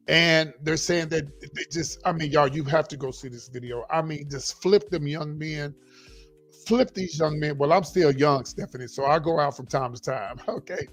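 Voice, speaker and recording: Middle-aged male livestream host, lively and a bit high-pitched, quiet music underneath. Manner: animated, repeats himself, talks straight to viewers as y'all. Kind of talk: casual livestream chat reading viewer comments.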